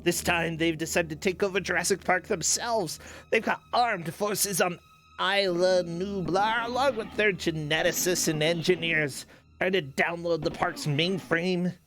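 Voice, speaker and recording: A man's voice: sits high, a little slow, a bit bright. A man voicing a genteel, fussy elderly park founder, reading a letter in a pompous old-fashioned way. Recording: game music playing behind.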